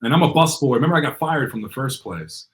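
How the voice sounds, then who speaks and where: A man, a podcast guest, telling a story in casual conversation, animated and acting out the dialogue, with lots of "like" fillers. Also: mid-range voice, fast talker, rough recording. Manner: animated, acts out quoted dialogue, many "like" fillers.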